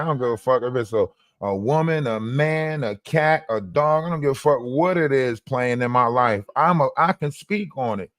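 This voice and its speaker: A man's voice: medium pitch, dry recording, studio quality. A man hosting a livestream, ranting in a mocking, profane way and repeating lines for emphasis. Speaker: livestream host. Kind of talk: heated livestream rant.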